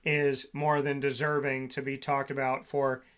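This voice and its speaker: A man's voice: medium pitch, monotone, unhurried, a bit bright. A man co-hosting a sports talk show, reeling off stats and player names in long runs. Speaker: co-host.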